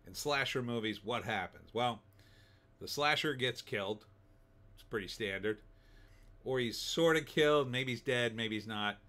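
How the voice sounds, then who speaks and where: A man's voice: mid-range voice, pushed and bright. A middle-aged man giving a casual, rambling spoken movie review, full of fillers and restarts. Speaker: film reviewer.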